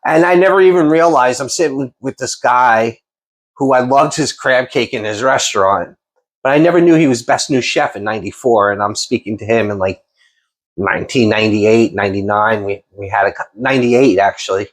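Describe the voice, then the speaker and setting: A man's voice: mid-range voice, a little fast. A man, hosting a casual interview and telling long stories with many restarts. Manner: rambling, animated storyteller with many restarts. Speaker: podcast host and chef.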